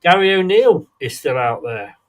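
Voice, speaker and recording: A man hosting a casual football fan chat, chatty and quick to laugh at his own jokes. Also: sits high, big pitch swings. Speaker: fan channel host.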